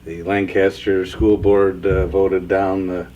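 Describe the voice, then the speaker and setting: Jokey guy host, low gravelly voice, far from the mic, faint room noise. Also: level tone, slow pace, dark tone, lo-fi sound. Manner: jokey, rambling storyteller. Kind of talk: casual interview talk. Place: community hub building, indoors.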